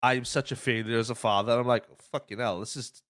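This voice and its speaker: A man's voice: mid-range voice, fairly even intonation, fairly quick, fairly bright tone, dry recording, clean studio sound. A man hosting a podcast, telling stories casually with lots of swearing and acted-out quotes. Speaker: podcast host. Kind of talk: casual chat.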